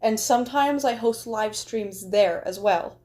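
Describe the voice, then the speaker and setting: A woman's voice: mid-range voice, unhurried, a little mellow. A woman chatting casually on a livestream, rambling along with frequent "like" fillers. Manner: rambling, chatty, heavy use of "like".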